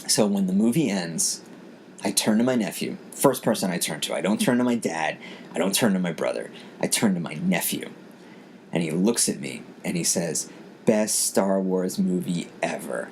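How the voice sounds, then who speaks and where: His low, gravelly voice is a little mellow and moves at a moderate pace, with a little hiss or hum present. As a podcast host in a casual storytelling chat, he tells a personal story earnestly and emotionally, often repeating himself.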